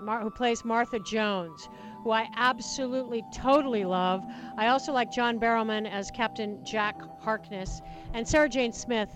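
A woman hosting a talk radio show, chatty and enthusiastic, with quick asides, speaking into a studio microphone. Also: a little high, rough recording. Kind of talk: talk radio chat with callers.

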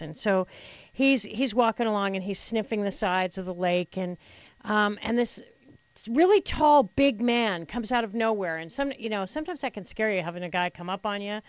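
Reflective woman, smooth dry voice. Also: mid-range voice, no room sound, rough recording. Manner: reflective, halting, with frequent restarts and repeated words. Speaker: radio host. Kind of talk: personal storytelling monologue.

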